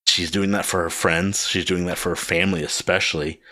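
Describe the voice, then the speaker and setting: A man's voice: deep voice, little pitch movement, brisk, bright, forceful tone. A man hosting a podcast, talking earnestly and reflectively in casual chat. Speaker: podcast host.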